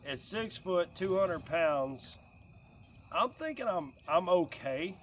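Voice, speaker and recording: A man in his late forties chatting casually and jokingly by a campfire outdoors, getting animated when quoting his kid. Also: high voice, slow pace, recorded from a distance, slight background noise. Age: 40s. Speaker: vlogger. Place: outdoors by a fire at night with crickets.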